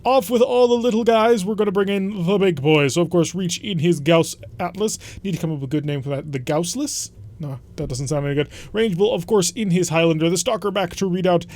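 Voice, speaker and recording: A man's voice: high voice, brisk, hardly any pauses, a little mellow. A man hosting a let's play, talking through his strategy in a chatty, rambling way with frequent self-corrections. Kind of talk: casual game commentary.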